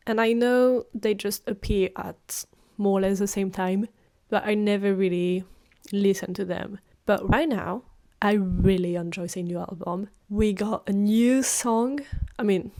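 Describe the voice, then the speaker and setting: A woman in her twenties, a native French speaker, hosting a podcast and telling personal stories in a casual, animated way, acting out what she said. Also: mid-range voice. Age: 20s. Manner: animated, acts out her own quoted lines. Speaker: podcast host. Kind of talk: casual storytelling monologue.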